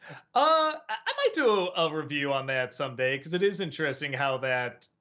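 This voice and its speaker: A man hosting a casual live-stream Q&A, thinking aloud with many pauses and restarts. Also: on the high side, big pitch swings, bright, forceful tone, dull audio, faint music behind. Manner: musing, hesitant, many ums and restarts. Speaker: host.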